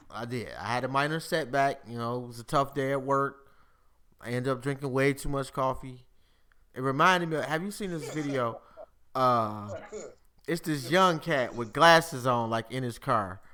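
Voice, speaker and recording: A man hosts a casual live-streamed chat, cursing freely and laughing often. His voice is bright and forward, and his pitch swings widely as he talks. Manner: profane, animated, laughs often. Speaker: podcast host.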